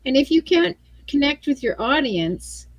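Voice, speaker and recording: A woman's voice: high-pitched, very animated, a little slow, dry recording, rough recording. A woman from Canada, a guest musician talking in a casual chat, restarting her sentences often and laughing easily. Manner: chatty, self-correcting, laughs easily. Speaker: featured artist guest. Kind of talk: casual video call chat.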